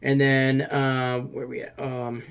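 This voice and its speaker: A man's voice: medium pitch, monotone, slow pace, smooth. A man hosting a casual sports betting livestream, reading viewers' questions from the chat in a loose, joking way. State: out of breath. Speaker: show host reading chat.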